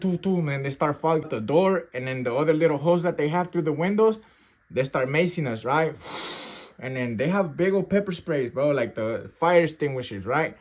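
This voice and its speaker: A man's voice: on the high side, a little mellow. A man telling a story casually in street slang, often tagging "right?" and "bro", and acting out sounds and gasps as he goes. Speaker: storyteller recounting his youth custody experience.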